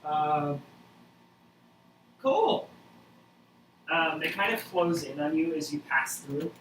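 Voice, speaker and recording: A man running a tabletop game as game master, narrating scenes in a low, measured voice. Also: steady tone, a bit bright. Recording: roomy, distant mic with background noise.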